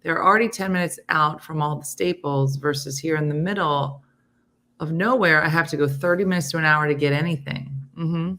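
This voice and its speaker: A woman's voice: deep voice, brisk. A middle-aged woman hosting a casual morning chat show, talking loosely and reading viewer comments aloud. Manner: chatty, animated, reads comments aloud. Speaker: host.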